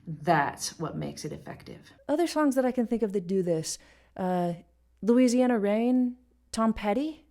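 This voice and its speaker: A woman's voice: a little high, lively intonation, a little slow, warm tone. A woman hosting a casual music lesson, explaining rhythm and stopping to sing and beatbox short examples. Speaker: music teacher and channel host.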